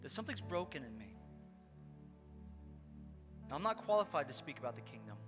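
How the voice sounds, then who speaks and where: Very animated and a little fast, a man with a slightly high voice gives a conversational sermon. He earnestly relates a personal story and speaks directly to his listeners, with loud music and long hall reverb behind him.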